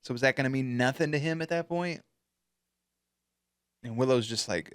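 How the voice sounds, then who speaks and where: A man hosting a casual reaction video, talking in a slangy, profane, animated way. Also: mid-range voice, moderate pace, pauses often, clear, resonant tone, no room sound, studio quality.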